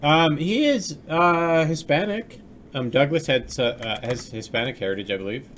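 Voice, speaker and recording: A man's voice: on the high side, moderate pace, fairly bright tone, slight background noise. A man streaming his game development work live, chatting casually with viewers and laughing often.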